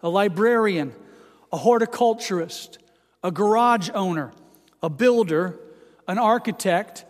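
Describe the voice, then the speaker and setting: A man preaching a sermon, earnest and measured, pausing dramatically around quotes. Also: high-pitched. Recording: long hall reverb.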